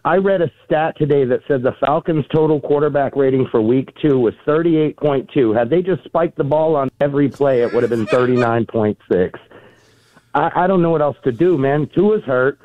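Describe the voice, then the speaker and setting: A man's voice: medium pitch, normal speed. A man calling in to a sports radio show, wry and exasperated. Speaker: caller. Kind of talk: phone-in chat. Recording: tinny phone line.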